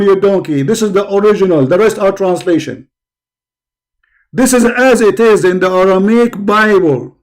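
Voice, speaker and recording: High-voiced combative male debate host. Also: darkish tone. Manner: combative, mocking, insulting callers. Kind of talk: live call-in debate.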